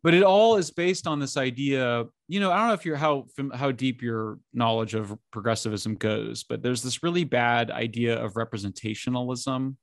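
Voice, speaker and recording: A middle-aged man talking as an interview guest, animated and incredulous, speaking in bursts with frequent restarts. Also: medium pitch, normal speed, hardly any pauses, no room sound, clean studio sound. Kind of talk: conversational interview.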